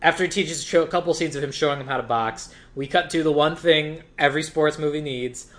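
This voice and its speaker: A man casually retelling a movie plot to a co-host, animated and quoting the characters as he goes. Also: a little high. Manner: animated storytelling, quoting characters in quick voices. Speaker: podcast co-host. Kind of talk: casual movie recap chat.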